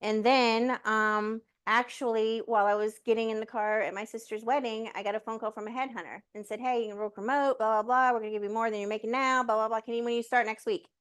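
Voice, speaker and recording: Woman, slightly high voice, chatty storyteller, lots of fillers, acts out dialogue. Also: quick pace, hardly any pauses, clean tone. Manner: animated, many fillers, acts out her talks with the universe. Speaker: guest sharing a personal story. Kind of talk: casual conversational storytelling.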